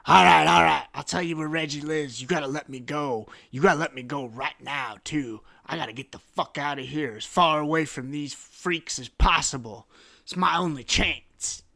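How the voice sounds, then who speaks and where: A man's voice: fairly high pitch, lively intonation, slow, vocal fry, sharp tone, voice pushed up, full character voice. A man voicing a frightened male informant who pleads and curses in panic. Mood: panicked. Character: scared, desperate male informant snitch.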